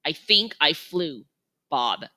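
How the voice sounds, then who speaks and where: A woman voicing a small, playful baby female gorilla in a storybook reading, with an excited, childlike manner. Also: sits low, slow pace, heavily acted. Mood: wondering.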